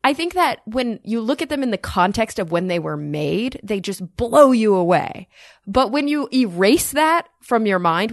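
A woman's voice: mid-range voice, no echo, studio quality. A woman co-hosting a podcast, talking in a casual, emphatic way and reading a listener email aloud. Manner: animated, emphatic, quick to laugh. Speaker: podcast co-host.

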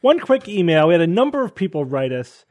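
Slightly high-voiced man hosting a chat. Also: big pitch swings, brisk, a little mellow. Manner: thinks aloud, hedging with restarts. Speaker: podcast host. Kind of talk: casual panel chat.

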